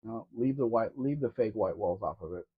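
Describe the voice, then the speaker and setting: A man's voice: fairly low pitch, animated, brisk, husky. A man co-hosting a casual live question-and-answer stream, musing offhand about old cars. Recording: dull lo-fi stream audio.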